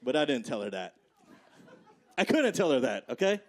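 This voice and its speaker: A man's voice: mid-range voice, big pitch swings, moderate pace, a faint crowd. A man in his forties from the Midwest doing a stand-up set, chatty and conversational, tagging lines with "right?" and "okay?". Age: 40s. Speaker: stand-up comedian. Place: comedy club stage. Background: audience laughter.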